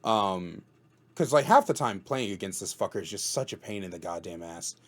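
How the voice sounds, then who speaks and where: A man hosts a gaming podcast in relaxed, unpolished conversation. He talks bluntly and swears often, peppering his speech with "dude" and "bro". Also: deep voice, moderate pace. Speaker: host interviewing a guest. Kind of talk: casual gaming podcast chat.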